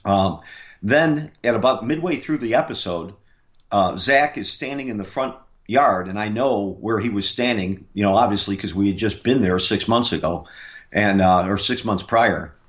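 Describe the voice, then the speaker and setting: Here the paranormal investigator's lowish voice has a fairly bright tone and moves at a moderate pace. He wanders through a lengthy story on a radio interview, restarting often and using lots of fillers, all over dull audio.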